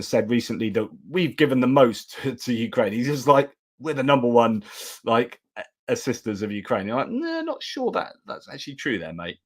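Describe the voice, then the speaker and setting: A British man with a lowish voice hosts a live stream and thinks out loud as he goes. He talks in loose, casual commentary and keeps restarting and correcting himself. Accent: British English. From United Kingdom. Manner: rambling, self-correcting stream of consciousness.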